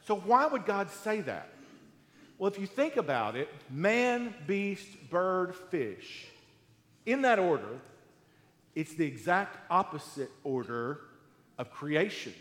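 A man preaching a sermon to a live congregation in a conversational, animated way, asking them questions. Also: high voice, unhurried. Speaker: pastor. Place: church hall with live congregation. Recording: echoey hall, roomy reverb.

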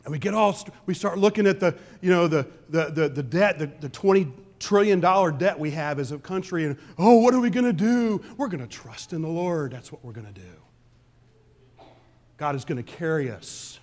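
A pastor preaching a conversational sermon, swinging between loud emphasis and quiet asides. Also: male voice, fairly high pitch, moderate pace. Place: church sanctuary.

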